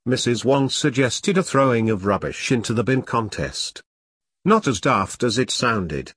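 A man narrating a story in a measured way, speaking the punctuation marks aloud as he reads. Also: mid-range voice, lively intonation, a bit bright, husky, no room sound.

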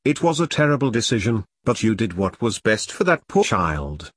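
A man voicing a calm, affluent middle-aged male handler who speaks gently and in a measured way, in an audiobook. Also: fairly low pitch, breathy edge, no room sound. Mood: gentle.

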